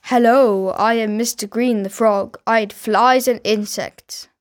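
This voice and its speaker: A man's voice: sits high, steady tone, a little slow, voice pushed up. A man voicing a cheerful little frog in a chirpy voice for a language lesson.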